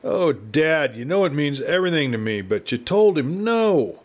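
A young frontier woman speaks low and steady, cold with reproach toward her father, as a male storyteller reads her lines. Her voice stays level even as her words bite. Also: moderate pace. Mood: anguished.

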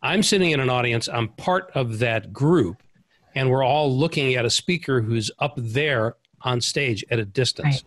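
A man's voice: mid-range voice, measured pace, fairly bright tone, dry recording. A man hosting an interview, reflecting aloud in searching phrases. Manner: thoughtful, searching phrasing with restarts. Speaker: interview host. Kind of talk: conversational interview over video call.

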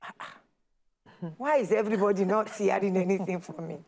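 Animated woman telling her story. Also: mid-range voice, fairly quick, vocal fry. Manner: animated storyteller, acts out quoted dialogue. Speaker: guest sharing her testimony. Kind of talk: personal storytelling on a talk show.

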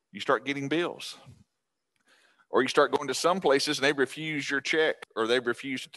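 A man's voice: medium pitch, pushed and bright. A middle-aged man giving a casual, folksy talk to a class of seniors, chatty with restarts. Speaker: guest speaker on scam prevention.

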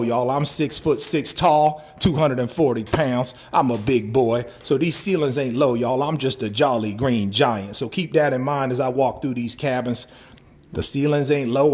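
Male pitchman, walking a cabin on a live stream, big whoops and catchphrases, a touch high-pitched. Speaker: cabin salesman and livestream host. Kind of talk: live-streamed sales walkthrough. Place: indoors, walking through a wooden cabin.

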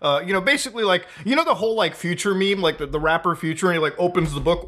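A man's voice: sits high, sing-song, fast talker, few pauses, pushed and bright, slight background noise. A man hosting a casual commentary, sarcastic and often breaking into laughter. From North America. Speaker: commentary host.

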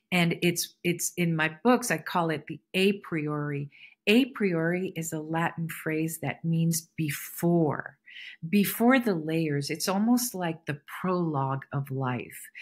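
A woman hosting her own podcast, musing in a relaxed spiritual monologue that circles back and repeats her phrases. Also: fairly low pitch, breathy edge. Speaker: podcast host. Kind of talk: casual solo podcast monologue.

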